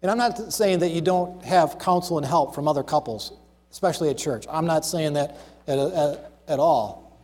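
High-voiced man preaching in a reverberant hall. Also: a little mellow. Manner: emphatic, listing numbered points and slowing down on key phrases. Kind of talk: sermon.

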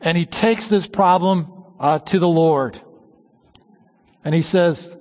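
A man preaching a sermon, slowing down and dropping his voice low on key phrases. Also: fairly even intonation, darkish tone, big-room sound. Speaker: pastor.

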